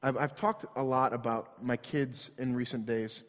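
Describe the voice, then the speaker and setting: A man's voice: mid-range voice, steady tone, moderate pace. A man in his thirties preaching a sermon in a church, telling a story in an earnest, conversational way. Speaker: pastor. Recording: long hall reverb.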